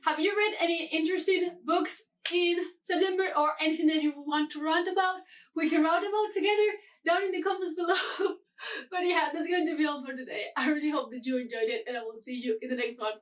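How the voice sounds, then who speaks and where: A woman's voice: very high-pitched, fairly quick, far from the mic. A young woman in a casual book review vlog, ranting with exasperated sighs and swearing. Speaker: book vlogger.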